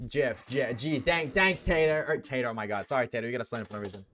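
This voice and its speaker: A man's voice: mid-range voice, fast talker, hardly any pauses, a bit bright, slight background noise. A young man live-streaming, chatting casually with his chat, slangy and swearing often.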